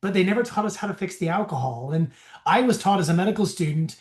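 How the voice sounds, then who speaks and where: A man's voice: sits high, lively intonation, quick pace, a little mellow. A man, a physician, giving a casual continuing-education lecture in a conversational, bantering way. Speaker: physician presenter. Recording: echoey room.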